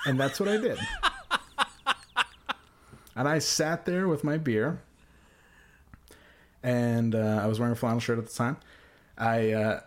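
A man hosting a casual podcast who tells long, profane, self-mocking stories about doing comedy. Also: mid-range voice. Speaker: podcast host and amateur comedian.

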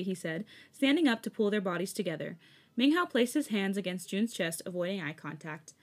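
A woman's voice: mid-range voice, animated, fairly quick. Giggly woman reading fan fiction aloud. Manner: chatty, giggly asides. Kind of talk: casual story reading.

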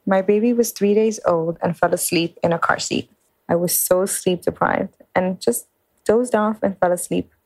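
A mother telling an animated, funny anecdote. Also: on the low side, normal speed, no echo, poor audio. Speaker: mother sharing a story. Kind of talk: casual anecdote. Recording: dry, close recording.

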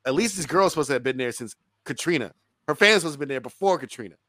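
A man's voice: fairly high pitch, expressive, rapid-fire, sharp tone, no echo. A man co-hosting a movie review podcast in casual chat, emphatic, swearing freely and laughing often.

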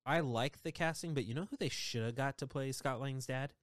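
A man hosting a casual podcast, rattling off news in quick, excitable bursts and laughing a lot. His voice sits at a middle pitch and the recording is dry and close. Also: dry recording. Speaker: podcast host. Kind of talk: casual chat about entertainment news.

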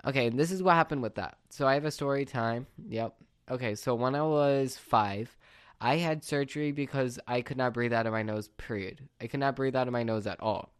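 A man's voice: medium pitch, a little fast, smooth. A late-teen man talking solo on a podcast, ranting with exasperation in a casual way. His voice sits in a middle range for a man. The sound is dry, with no room echo. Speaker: podcast host.

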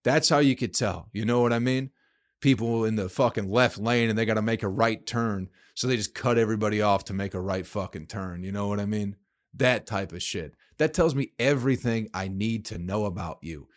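A man's voice: on the low side, brisk. A man hosting a solo podcast, ranting in a heated, profane way. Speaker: podcast host.

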